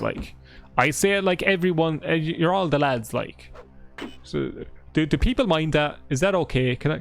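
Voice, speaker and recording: A man with an Irish accent, chatting casually and swearing a lot while he streams a game, rambling and joking about himself. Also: on the high side. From Ireland. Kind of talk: casual live gameplay chat.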